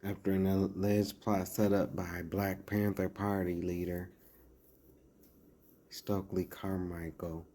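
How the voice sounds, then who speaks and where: A man's voice: low voice, level tone, slow, warm tone. A man giving casual commentary as he reads out a list, breaking off into sarcastic asides and chuckles.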